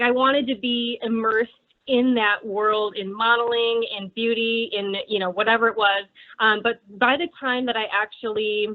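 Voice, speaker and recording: A woman in her twenties from Wisconsin with an Upper Midwest accent, chatting as an interview guest with lots of fillers. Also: fairly high pitch. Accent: Upper Midwest American. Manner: chatty, many fillers like "um" and "you know". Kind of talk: casual interview chat. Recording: tinny phone-like line.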